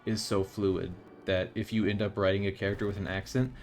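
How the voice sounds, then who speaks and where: A man's voice: lowish voice, level tone, brisk, soft background music. Chatty young man streaming a game. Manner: chatty, opinionated, rambling with restarts. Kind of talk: casual live-stream chat while playing.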